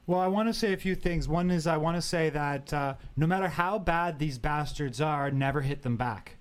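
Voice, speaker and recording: A man hosting a political talk show, giving opinions in a halting way with many fillers and restarts. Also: on the high side, smooth. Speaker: show host.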